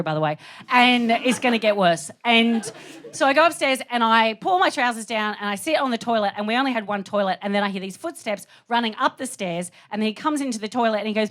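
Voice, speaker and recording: A woman in her thirties from Australia with an Australian accent, telling a stand-up story in an animated, self-deprecating way. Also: fairly high pitch. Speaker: stand-up comedian.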